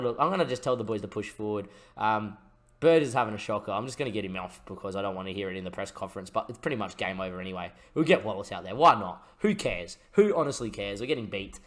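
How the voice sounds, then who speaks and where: Excitable gaming commentator, man. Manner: swings from low muttering to excited shouting. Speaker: gaming YouTuber and streamer. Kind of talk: let's-play commentary over a football management game.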